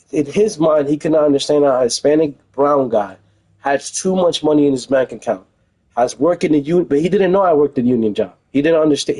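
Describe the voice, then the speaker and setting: A man's voice: on the high side, a little mellow, low-quality recording. A young man streaming from home, talking in a heated, emphatic casual rant and repeating phrases for stress. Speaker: livestreamer.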